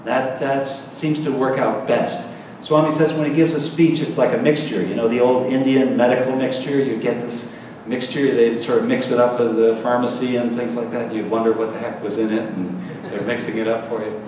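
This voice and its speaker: A man's voice: mid-range voice, level tone, a little mellow, slight background noise. Middle-aged guy giving a chatty spiritual talk, miked from way back in a big echoey hall. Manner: conversational, storytelling, with quick asides and repeated words. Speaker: visiting spiritual speaker. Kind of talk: informal spiritual talk to a gathering. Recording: echoey hall recorded from far off.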